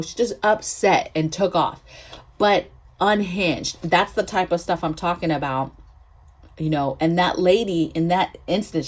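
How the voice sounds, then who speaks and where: A woman hosting a prepping vlog, telling a story in a chatty, emphatic way, often checking in with her viewers. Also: lowish voice. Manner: chatty, emphatic, frequent "okay?" asides. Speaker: prepping channel host.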